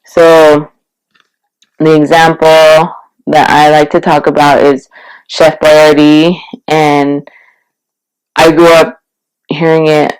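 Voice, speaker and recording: A woman giving a casual video-blog language lesson, explaining slowly and relaxed, with many fillers. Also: low-pitched, clear, resonant tone, low-quality recording. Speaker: language teacher.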